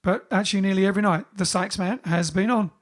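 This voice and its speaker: A man's voice: high voice, steady tone, fast talker. A man hosting a casual livestream from home, reading out viewers' greetings one by one in a chatty way. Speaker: bandleader and livestream host. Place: home during lockdown.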